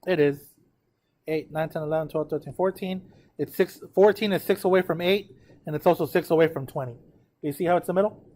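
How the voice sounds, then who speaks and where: A man's voice: a little high, a little fast, a little mellow. A man teaching a math class, walking students through a graph step by step, counting numbers aloud and often checking that they follow.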